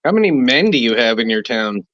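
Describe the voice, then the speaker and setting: A man's voice: mid-range voice, big pitch swings, a little fast, no room sound. Guy on a podcast, laid-back chat with some swearing, bit muffled sound, dry. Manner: casual, swears while making his point. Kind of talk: casual chat. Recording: dull, muffled mic.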